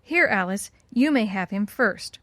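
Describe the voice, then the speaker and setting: A woman's voice: mid-range voice, expressive, unhurried, fairly bright tone, no echo, studio quality. A woman voicing a sly little old woman. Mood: gentle.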